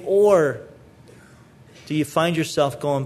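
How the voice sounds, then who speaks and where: A male pastor delivers a sermon in a notably high-pitched voice. He speaks earnestly and pleadingly, often doubling words as he presses each point home. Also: lively intonation, a little slow, long pauses.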